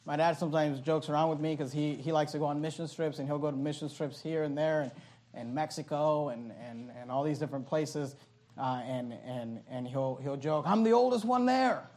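A man preaching from the pulpit in a high, bright-edged voice. He delivers his sermon with passion and keeps restarting his phrases in quick bursts. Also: steady tone. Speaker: pastor.

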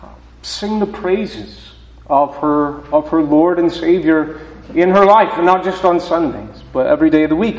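A man preaching as a pastor, reading scripture and then giving a sermon in a slow, deliberate way with halting restarts. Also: fairly high pitch. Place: church sanctuary. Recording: roomy church reverb, voice from a distance.

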